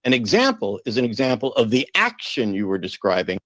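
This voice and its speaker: A man's voice: medium pitch, big pitch swings, brisk, fairly bright tone, no room sound. A man hosting a call-in debate show, blunt and impatient with a caller.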